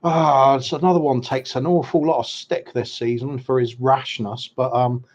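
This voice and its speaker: A man talks football as a podcast co-host in an easy, unhurried way, often pausing on ums and starting over. His voice sits in an ordinary middle register. The audio is a little dull and lo-fi. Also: mid-range voice, little pitch movement. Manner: hesitant, lots of ums and restarts. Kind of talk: casual football chat.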